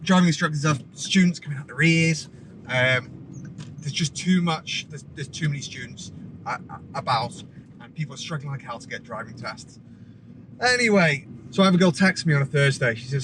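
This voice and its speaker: A man's voice: a little high, normal speed, background noise. Chatty man telling a story. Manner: rambling, animated retelling with many restarts. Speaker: driving instructor. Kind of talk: casual storytelling vlog. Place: outdoors by a parked car.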